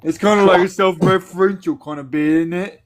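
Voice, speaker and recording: A man's voice: high voice, fairly even intonation, brisk. A man, joking and laughing through casual banter as co-host of a live stream panel. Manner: laughs often, mocking teasing tone.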